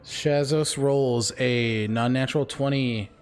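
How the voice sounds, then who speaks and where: A man running a tabletop game as game master, easygoing and quick to laugh. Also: medium pitch, steady tone. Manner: easygoing, laughs often, unhurried.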